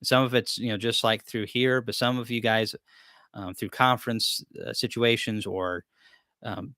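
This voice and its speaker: Laid-back guy running a live q&a, kinda low voice, chats along self-deprecating. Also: bright, forceful tone, no room sound, studio quality. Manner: rambling, easygoing, self-deprecating. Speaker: beekeeping channel host. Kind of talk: live-stream Q&A chat.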